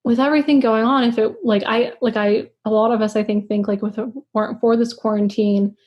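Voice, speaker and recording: A woman's voice: a little high, fairly even intonation, a little fast, darkish tone, dull audio. A young adult woman hosting a casual podcast chat, talking reflectively and rambling with many fillers. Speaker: podcast host.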